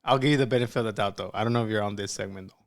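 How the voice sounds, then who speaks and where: Male streamer, lowish voice, blunt slangy reaction commentary. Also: racing, no room sound, clean studio sound.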